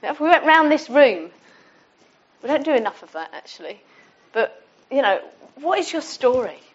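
A woman's voice: high voice, very animated, normal speed, slightly rough. A middle-aged woman giving an informal, conversational sermon to her church. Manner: warm, conversational, with restarts. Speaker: church speaker. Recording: dull lo-fi sound.

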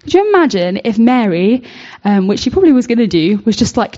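A woman's voice: a little high, sing-song, brisk, warm tone. A woman giving an informal devotional talk, earnest and searching, with many fillers and restarts. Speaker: speaker giving a Bible reflection. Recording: dull lo-fi recording.

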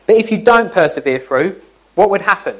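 Man, slightly high voice, informal youth talk, teasing, jokey. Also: lively intonation, fairly quick, poor audio. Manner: jokey, chatty, teasing the listeners. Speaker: youth speaker. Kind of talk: informal talk to young people.

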